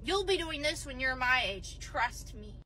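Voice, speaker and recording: A woman's voice: high-pitched, animated, a little slow, bright, forceful tone, a little hiss or hum, pitched below the performer's own voice, heavily acted. A woman playing a firm, thrifty mom. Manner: firm, scolding.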